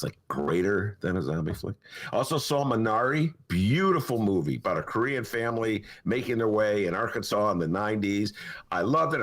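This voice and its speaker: A man in his sixties hosts a casual podcast chat, with a voice that rises and falls in lively swings. He talks in an opinionated, rambling way, jumping from one thing to the next. His pitch sits in the middle for a man. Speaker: podcast host.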